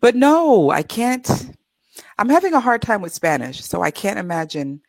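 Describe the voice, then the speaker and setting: A woman's voice: mid-range voice, big pitch swings, normal speed, no echo, poor audio. A woman from California with a Californian American accent, an English tutor chatting upbeat and easily in an interview. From California, USA. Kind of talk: casual interview.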